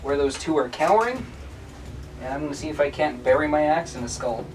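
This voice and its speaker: A man's voice: fairly high pitch, lively intonation, brisk. A man playing a tabletop game, talking in a casual, offhand way. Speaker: player. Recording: distant mic with music behind.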